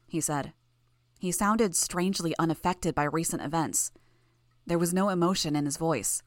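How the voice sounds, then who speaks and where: A woman reading first-person fiction in a measured, tense way. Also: fairly low pitch, no echo, studio quality. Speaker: narrator.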